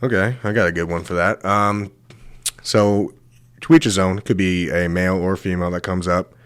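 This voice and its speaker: A man's voice: sits low, steady tone, moderate pace, fairly bright tone, clear, resonant tone, no echo. A young man hosting a comedy show, telling rambling, crude stories full of swearing and laughing at his own jokes. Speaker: show host. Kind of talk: comedic storytelling monologue.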